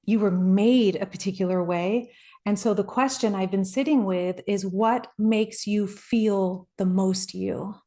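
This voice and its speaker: A woman life coach giving a reflective, earnest motivational talk, personal in tone, with soft laughs along the way. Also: mid-range voice, fairly even intonation, unhurried.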